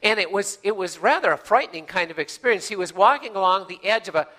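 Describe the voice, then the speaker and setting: A male pastor preaches in a folksy, conversational way, full of fillers and restarts. His voice sits high and rings bright and forceful. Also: lively intonation, fast talker, in a large hall. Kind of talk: sermon.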